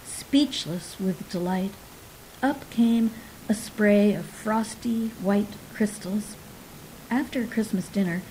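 A woman reading a story aloud in an unhurried, softly dramatic way, now and then dropping to a whisper. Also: mid-range voice, slight background noise, low-quality recording.

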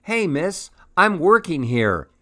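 A man voicing a tiny, busy male honeybee worker in a storybook, brisk and no-nonsense. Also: on the high side, sing-song, bright, forceful tone, voice pushed up, full character voice.

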